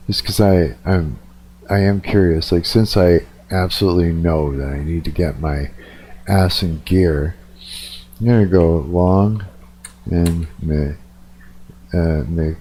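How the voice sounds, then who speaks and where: Man, low voice, mellow tone, tired, profane, rambling stream chat. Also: a little hiss or hum. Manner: profane, rambling, restarts sentences. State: a little tired. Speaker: livestreamer. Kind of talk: casual live-stream chat.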